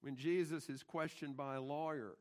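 A middle-aged man preaching in a church, his voice sitting a little high for a man. He delivers the sermon emphatically and keeps turning to the congregation with rhetorical questions. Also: steady tone, normal speed. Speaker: pastor. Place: church sanctuary.

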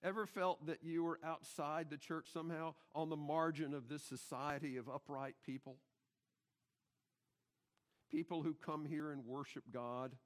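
A middle-aged man preaching in a church, his voice sitting a little high for a man. He delivers the sermon emphatically and keeps turning to the congregation with rhetorical questions. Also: fairly even intonation, unhurried. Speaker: pastor. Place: church sanctuary.

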